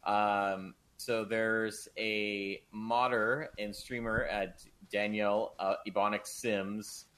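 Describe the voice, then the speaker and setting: A man co-hosting a gaming talk stream, relaxed and hesitant, with frequent ums. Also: fairly low pitch, slow pace, hardly any pauses, low-quality recording. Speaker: co-host. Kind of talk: casual chat.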